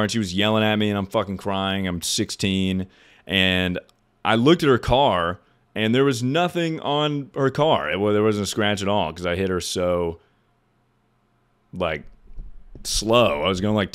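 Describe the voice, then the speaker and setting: Deep-voiced young man spinning profane stories. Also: normal speed, a bit bright, smooth. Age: 20s. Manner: rambling, profane storyteller who laughs at his own stories. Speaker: streamer. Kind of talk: casual storytelling chat on a live stream.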